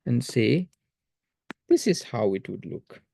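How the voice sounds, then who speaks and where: A man's voice: mid-range voice, big pitch swings, slow pace, creaky, warm tone, slightly rough. A man teaching a math lesson in a recorded video lecture, explaining patiently and repeating phrases to stress his points.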